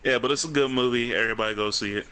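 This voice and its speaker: Rapid-fire and forceful, this man's bright, medium-pitched voice comes with a slight hiss or hum. He co-hosts a podcast, chatting casually amid heavy swearing, laughs, and teasing banter.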